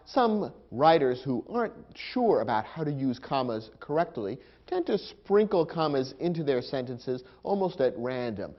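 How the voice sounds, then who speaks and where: A man narrates an educational lesson in a patient, explanatory way, and his pitch rises and falls a lot as he stresses points. The recording sounds a little dull and lo-fi. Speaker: teacher. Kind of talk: scripted instructional narration.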